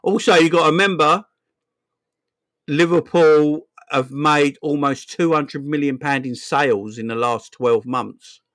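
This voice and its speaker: A man's voice: fairly high pitch, unhurried, no echo, clean studio sound. Chatty South London man in his forties. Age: 40s. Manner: rambling, chatty, swears, shouts out viewers. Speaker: football channel host. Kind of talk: casual livestream chat.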